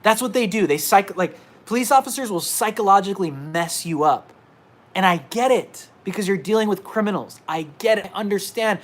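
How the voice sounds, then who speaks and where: A man's voice: high voice, expressive, fairly quick. A man reporter ranting emphatically in a livestream monologue from indoors at his laptop, repeating himself. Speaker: independent reporter.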